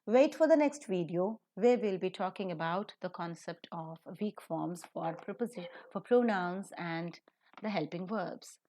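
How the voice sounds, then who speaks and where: A woman teaching English pronunciation in a lecture, slowly and emphatically modeling example sentences. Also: on the low side, warm tone.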